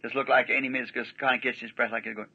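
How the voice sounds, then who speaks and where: A man's voice: mid-range voice, little pitch movement, rapid-fire, slightly rough. A man preaching a sermon, telling a story in a folksy, rambling way and often breaking in with "see?". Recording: dull lo-fi archival sermon tape.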